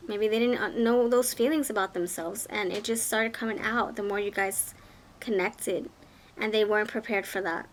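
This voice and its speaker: A woman's voice: medium pitch, fairly even intonation, normal speed, a little hiss or hum. A woman giving a pick-a-card tarot reading, talking in an effusive, exclaiming way and often repeating her words. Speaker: tarot reader.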